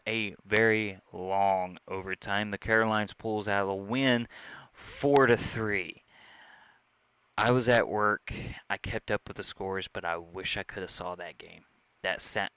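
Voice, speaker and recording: A man's voice: on the low side, sharp tone, smooth, no echo. A man with a Southern US accent, hosting his own vlog and chatting casually to camera in a joking, rambling way. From Southern United States. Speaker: vlog host. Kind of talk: casual sports chat to camera. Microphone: own desk microphone.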